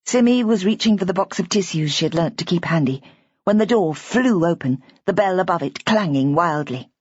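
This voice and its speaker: A woman narrating a mystery audiobook in a measured, even storytelling manner. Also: on the low side, breathy edge, no room sound. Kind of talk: scripted narration. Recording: dull, dry audiobook recording.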